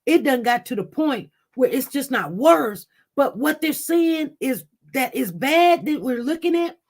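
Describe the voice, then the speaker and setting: A woman's voice: high voice, animated, measured pace. A woman, hosting a casual livestream. She speaks with passion and returns to the same points again and again. She addresses her viewers directly as she talks. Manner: impassioned, repetitive, talks directly to chat. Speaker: livestream news host.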